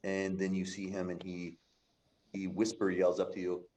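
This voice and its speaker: A man's voice: low voice, little pitch movement, moderate pace, a little mellow, a little hiss or hum. A man narrating a tabletop game as game master in a casual, rambling way. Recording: echoey room.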